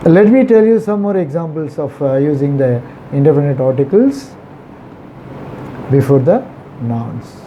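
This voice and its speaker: Teacher guy going real slow thru a grammar lesson, repeats stuff a lot, kinda muffled audio w/ faint traffic. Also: fairly high pitch, animated, dark tone. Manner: slow and repetitive, stresses and repeats key words. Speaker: English teacher. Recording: slightly dull recording with faint traffic behind.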